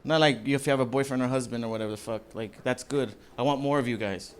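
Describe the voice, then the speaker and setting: A man performing a live stand-up comedy set in a club, loose and profane, rambling with lots of fillers and shouting mock voices of angry people. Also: medium pitch, fast talker, slight background noise. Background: audience laughter.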